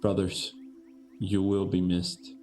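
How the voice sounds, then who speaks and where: A man voicing a grieving male orc warrior who speaks in short, halting phrases. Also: low voice, monotone, darkish tone, recorded from a distance, faint music behind.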